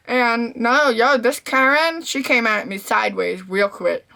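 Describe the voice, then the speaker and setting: A young deaf woman chatting casually to camera, telling stories in a slangy, animated way and acting out what people said. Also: on the high side, a little slow, vocal fry, hardly any pauses. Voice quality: deaf speaker's voice. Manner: animated storytelling, slangy, acts out quotes. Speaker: vlogger. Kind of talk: casual talking-to-camera recap.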